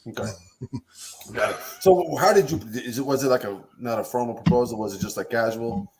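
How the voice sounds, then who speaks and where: A man's voice: mid-range voice, a little fast, low-quality recording. A man in casual chat, giving brief reactions and asking short questions.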